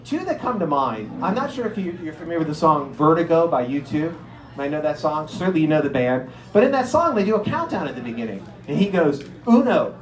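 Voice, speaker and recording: A man doing an animated stand-up comedy set, telling stories with incredulous acted-out bits. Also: a little high. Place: comedy stage before a live audience. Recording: echoey room.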